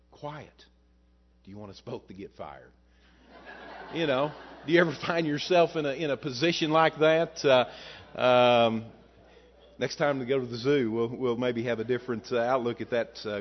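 A man preaching to his congregation in a slightly high voice, easing into a story with a relaxed, folksy delivery and plenty of filler words. The recording is dull and lo-fi, as if taped from a church service. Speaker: pastor. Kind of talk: sermon. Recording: dull lo-fi sound.

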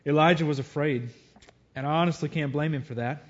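A man's voice: fairly high pitch, a little fast, muffled recording. A man preaching a sermon, reading scripture aloud and dwelling earnestly on it.

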